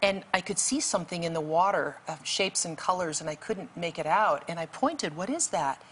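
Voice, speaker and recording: A woman's voice: lowish voice, moderate pace, fairly bright tone, slight background noise. A woman guest telling a vivid, emphatic story as a testimony, with bursts of urgency. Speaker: guest author.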